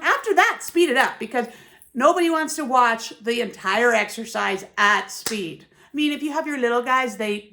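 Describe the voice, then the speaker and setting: A woman's voice: fairly high pitch, vocal fry, bright, forceful tone. A woman who teaches ballet, giving emphatic, musical teaching tips and often checking in with "yeah?" and "right?". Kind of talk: teaching tips to camera, with sung counts.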